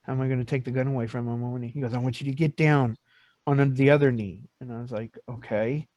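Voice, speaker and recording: With a mid-range voice and quick pace, a man in his fifties hosts a podcast, animatedly telling stories in casual chat and acting out the quotes. There's no room sound.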